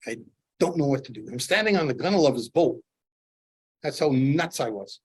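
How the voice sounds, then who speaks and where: A middle-aged man from Canada demonstrates fly tying, mixing instruction with animated fishing stories. His voice sits in an ordinary middle pitch. He acts out his own excitement as he tells them. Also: normal speed, breathy edge. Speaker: fly tier, presenter.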